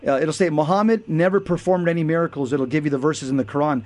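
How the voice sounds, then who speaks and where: A man's voice: fairly high pitch, quick pace, darkish tone. Earnest man listing points. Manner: earnest, repetitive, lists points one by one. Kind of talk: casual explanatory talk.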